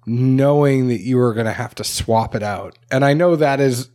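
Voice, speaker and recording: A man hosting a relaxed interview show, chatty and curious. He thinks out loud before he asks a question. His voice is mid-pitched. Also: normal speed. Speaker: host. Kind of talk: casual interview chat.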